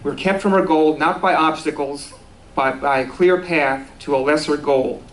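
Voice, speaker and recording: Man, sermon, conversational, self-deprecating, fairly high voice. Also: normal speed, rough recording. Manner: conversational, self-deprecating, with small laughs and restarts. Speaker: speaker at a spiritual center.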